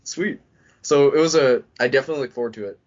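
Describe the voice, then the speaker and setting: A Marine veteran appears as a podcast guest and retells his story in a casual, meandering style full of "I'm like" asides. His mid-range voice races along. The podcast audio sounds dull and lo-fi.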